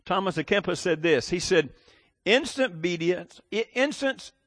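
A man's voice: sits high, lively intonation, normal speed, fairly bright tone, no echo, studio quality. A middle-aged man preaching a sermon in a folksy, rambling way, full of restarts and asides. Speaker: pastor.

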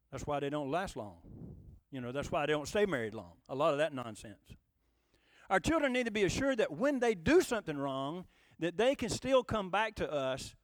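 A male pastor with a fairly high voice delivers a conversational, folksy sermon, putting rhetorical questions to the congregation. He sounds emphatic, and the recording has no echo.

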